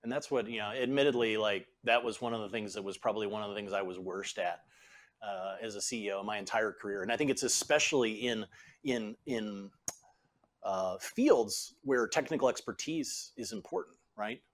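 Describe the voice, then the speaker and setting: A middle-aged man, a former CEO and author, talking in a relaxed podcast interview and acting out the people he quotes. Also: on the low side, normal speed. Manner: animated storyteller, acts out quoted voices.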